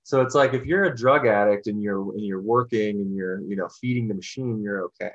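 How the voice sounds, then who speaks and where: A man with a husky, fairly low voice talks in a loose, rambling way, circling back with "you know" and restarts. The recording sounds dull and lo-fi. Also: fairly quick. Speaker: podcast discussion guest. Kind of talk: casual discussion.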